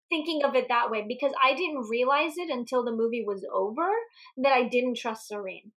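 A high-pitched woman talks about a movie in casual podcast banter. She is animated and giggly, and she swears freely as she lays out her suspicions about a character. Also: normal speed. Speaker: podcast co-host.

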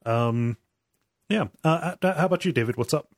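A man's voice: fairly high pitch, animated, moderate pace, dry recording, studio quality. A man from Ohio hosting a casual podcast chat, often repeating words and laughing between sentences. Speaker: podcast host.

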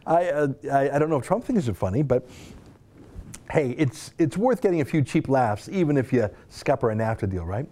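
Sarcastic man with mellow voice. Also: mid-range voice, sing-song, moderate pace. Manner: sarcastic, mocking, scoffs and laughs while reading. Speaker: political commentator. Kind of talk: opinion monologue reading tweets aloud.

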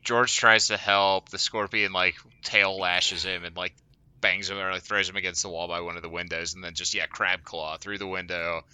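Podcast guy rambling w lots of likes, super bright tone. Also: low-pitched, flat delivery, moderate pace, clean tone, no room sound. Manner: rambling, filler-heavy. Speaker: podcast co-host. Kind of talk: casual chat recapping a show.

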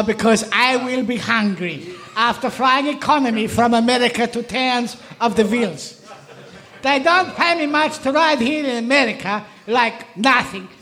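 A man's voice: very high-pitched, pushed and bright, full character voice. A man voicing a hungry, hard-up male racer, drawling and plaintive.

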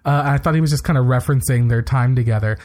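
A man talking through a TV episode for a podcast, acting out lines as he goes. His voice sits at an ordinary middle pitch, and his talk is casual and full of fillers and restarts. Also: fast, darkish tone. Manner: retells scenes with quoted lines, many fillers. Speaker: podcast co-host.

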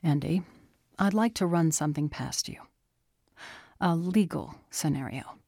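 A woman voicing a calm, thoughtful man who explains things in a measured way. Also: on the high side, creaky, no echo, clean studio sound.

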